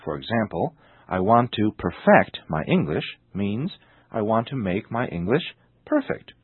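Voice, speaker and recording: A man teaching English in a scripted lesson, speaking slowly and deliberately and exaggerating the stress on example words. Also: lowish voice, animated, breathy edge, dry recording. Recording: tinny narrow-band radio sound.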